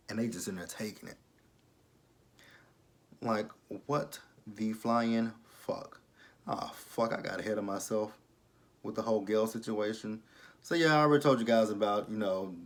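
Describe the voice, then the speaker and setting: Young man, casual TV recap, profane, animated, laughs a lot, acts out lines, medium pitch. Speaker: TV episode reviewer.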